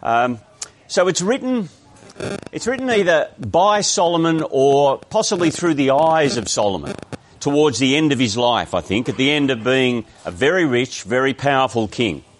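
A man's voice: mid-range voice, expressive, moderate pace. Conversational Australian male preacher. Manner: conversational, explanatory, with frequent restarts. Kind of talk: sermon.

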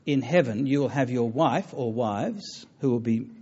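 A man giving a public talk on religion and taking audience questions, earnest and halting, with many fillers and restarts. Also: medium pitch, animated, a little mellow, breathy edge, highs cut off. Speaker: lecturer on religion.

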